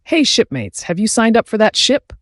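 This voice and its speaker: A man's voice: high voice, very animated, moderate pace, fairly bright tone, dry recording, clean studio sound, voice pushed up. A man voicing a shabby, scarred old sailor who rambles ominous warnings in a cryptic, mocking way.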